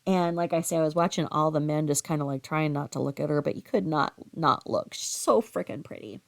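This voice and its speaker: A woman's voice: a little fast, gravelly. A middle-aged woman telling a story in a casual, rambling way, with many fillers and restarts. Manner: acts out quoted voices in a higher pitch.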